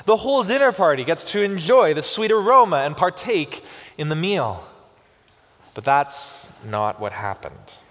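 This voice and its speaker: A man preaching a sermon as pastor, with expressive delivery and slow, emphatic pauses on key words. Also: fairly high pitch. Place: church sanctuary. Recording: long church reverb.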